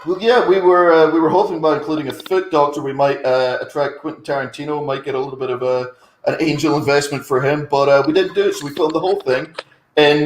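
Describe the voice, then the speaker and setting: A man's voice: on the high side, roomy sound, a little hiss or hum, poor audio. A man co-hosting a comedy podcast, riffing on silly film ideas and laughing often. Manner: riffing, quick laughs, acts out bits. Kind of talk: casual comedic chat.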